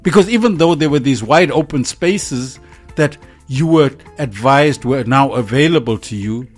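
A man's voice: medium pitch, expressive, moderate pace, soft background music. A man from Africa, a guest in a conversational discussion, speaking emphatically and laughing often.

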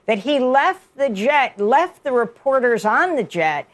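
A woman's voice: high-pitched, big pitch swings, measured pace. A woman hosting a news show, asking a guest questions and reading headlines and upcoming segments in a formal manner. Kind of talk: news interview and scripted show links.

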